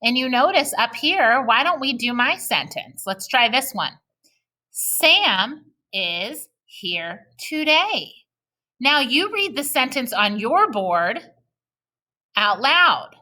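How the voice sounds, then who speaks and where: A high, very animated voice, bright and forceful, belongs to a woman teacher recording a reading lesson for young kids. She encourages them patiently and speaks very slowly when demonstrating sentences aloud.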